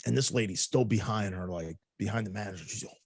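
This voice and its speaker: Fast and husky, with a voice on the low side and no room sound, this man co-hosts a podcast and shares a relaxed anecdote. Profanity flows freely, laughter comes often, and he performs the voices of each character.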